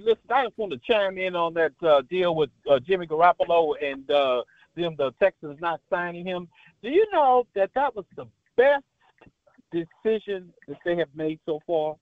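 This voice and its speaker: Excited male caller on a tinny phone line, fairly high voice, dry sound. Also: moderate pace, no room sound. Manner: casual, excited, uses fillers. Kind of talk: call-in to a sports radio show.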